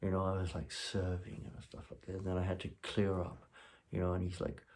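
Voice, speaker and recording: A man's voice: low-pitched, completely flat delivery, fairly quick, a little mellow. Rambling man telling a story. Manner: rambling, chuckling, full of "you know". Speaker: host. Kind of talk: casual storytelling.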